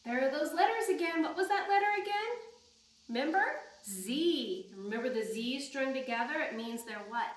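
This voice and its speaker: A woman librarian reading a picture book aloud to young children, asking them questions in a sing-song, animated way. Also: high-pitched, moderate pace. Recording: roomy sound, mic at a distance.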